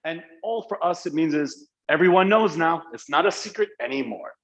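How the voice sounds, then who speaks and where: A man's voice: a little high, normal speed, gravelly, a bit bright. Joking, slangy male English teacher. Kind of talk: live online class. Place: Dubai.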